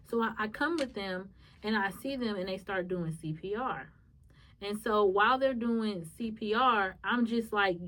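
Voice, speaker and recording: A woman hosting a podcast, telling a personal story in a halting, emotional way with many restarts. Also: medium pitch, distant mic, low-quality recording. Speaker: podcast host.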